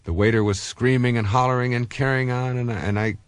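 A man's voice: medium pitch, fairly even intonation, fairly quick, clean tone, no room sound. A man in his fifties, a self-help author, giving a conversational motivational talk full of personal stories, with many fillers and restarts.

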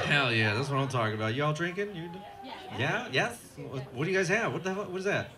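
A man's voice: a little high, animated, a little fast. A man doing profane, brash stand-up crowd work at a live bar comedy show. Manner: brash, profane teasing of the audience. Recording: live bar set with loud crowd and noise.

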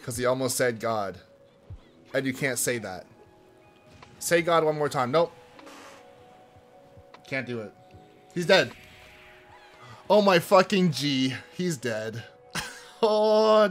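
A man's voice: medium pitch, expressive, slow, pauses often, soft background music. A young man streaming a fighting game, chatting casually with his viewers, joking and swearing. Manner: loud, swearing, joking with chat. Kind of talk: casual gaming stream chat.

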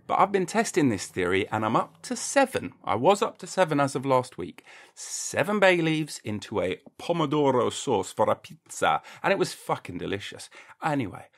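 A man's voice: medium pitch, very animated, moderate pace. A man hosting a podcast in a casual comedic monologue, rambling and jokey, swearing freely and acting mock-indignant. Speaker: podcast host.

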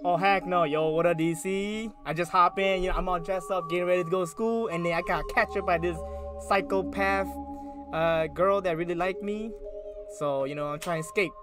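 A man's voice: high-pitched, steady tone, fairly quick. A man giving casual, slangy commentary while playing a horror game, talking to himself and easily spooked. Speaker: gaming YouTuber. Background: loud eerie game music.

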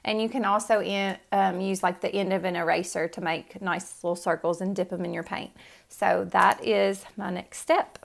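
A woman's voice: medium pitch, steady tone, moderate pace, creaky. A woman art teacher giving a casual step-by-step tutorial in her studio, talking loosely with lots of "um" and "like". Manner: casual, friendly, many fillers like "um" and "like".

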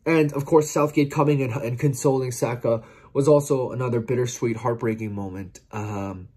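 A man's voice: medium pitch, steady tone, normal speed, a little mellow, breathy edge. A man giving a heartfelt, earnest post-match reflection to camera as a football vlogger, often stumbling and repeating words. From outside England, watching from across the Atlantic.

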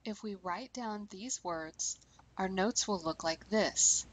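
A woman language teacher giving scripted instructional narration, speaking clearly and slowing down deliberately on key terms. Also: medium pitch, low-quality recording.

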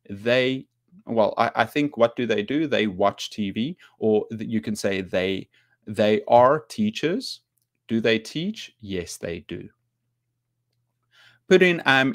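Slow, patient male English teacher. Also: mid-range voice. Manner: slow, patient, reads examples aloud and greets viewers by name. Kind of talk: live-streamed grammar lesson.

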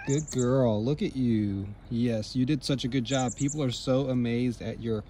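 A man on a casual walking vlog outdoors, talking to cats in gentle baby talk. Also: medium pitch, steady tone, moderate pace, slight background noise. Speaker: vlog co-host. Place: outdoor neighborhood street.

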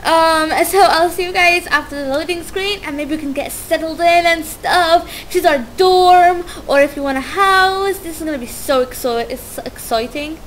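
This is casual gameplay commentary from a young woman who plays let's plays. She takes her time, but her high, bubbly voice keeps tripping over words as she gushes about her excitement, with a slight hum in the background.

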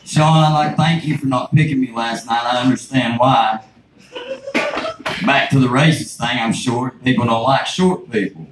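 A man's voice: medium pitch, steady tone, normal speed. A man with a rural Southern American accent doing a crude, self-mocking stand-up set on a club stage. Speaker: stand-up comedian. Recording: echoey, noisy room from far off.

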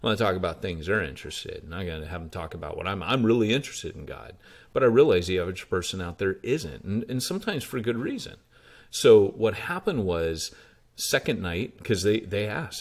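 A man's voice: low voice, a little fast. An American man, a pastor, telling stories in a casual interview and acting out the dialogue he quotes. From United States. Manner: animated, acts out quoted dialogue. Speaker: pastor and church planter. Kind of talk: conversational interview storytelling.

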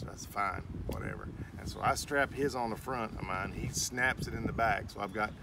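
A middle-aged man tells a story with animation, acting out the voices of the people in it. He sounds set back from the mic, with clear outdoor background noise. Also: lowish voice, moderate pace, distant mic. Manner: animated storyteller who acts out dialogue. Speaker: vlogger's father. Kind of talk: casual storytelling.

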